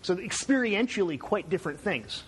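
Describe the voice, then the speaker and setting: A man's voice: high voice, sing-song, moderate pace, slightly rough. A man from Canada giving a conversational university lecture, digressive and checking in with "right?".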